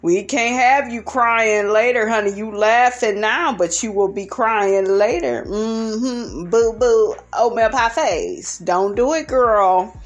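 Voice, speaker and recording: A sassy woman dishing out a reality show recap in a blunt, profane, gossipy way. Her voice sits a touch high for a woman, and she keeps calling her viewers "honey" with a knowing "okay?" after her calls. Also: slow pace, few pauses. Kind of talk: casual commentary recap.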